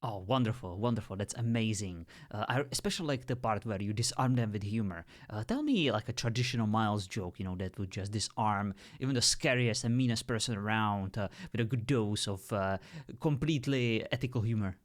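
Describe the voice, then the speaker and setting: A man chatting with an AI, heaping over-the-top praise in a halting way full of fillers. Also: lowish voice, lively intonation. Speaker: user testing an AI character. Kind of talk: casual conversation.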